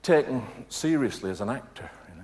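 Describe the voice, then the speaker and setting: Brief: Northern English stand-up man, animated sing-song delivery, noisy live-stage recording. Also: medium pitch, brisk. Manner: chatty, self-mocking, jumps into voices. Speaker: stand-up comedian. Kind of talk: stand-up comedy. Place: live stage before an audience.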